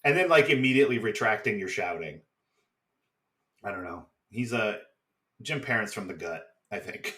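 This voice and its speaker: A man co-hosting a podcast, casually recapping a TV episode with swearing and quick mock voices of the characters. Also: on the low side, animated, pushed and bright. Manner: swearing, chatty, acts out quick impressions. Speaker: podcast co-host.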